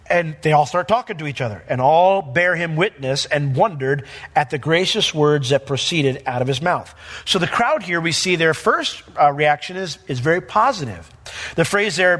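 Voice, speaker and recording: An emphatic male pastor delivers a verse-by-verse sermon. His voice is bright and forceful and sits a little high. He stays animated as he explains the text. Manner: emphatic, animated, acts out quotes.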